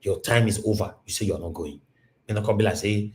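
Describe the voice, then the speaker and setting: A man's voice: fairly low pitch, fairly quick. Emphatic Nigerian man hosting. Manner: emphatic, repetitive, mixes in pidgin. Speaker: live stream host. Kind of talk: casual live-stream monologue.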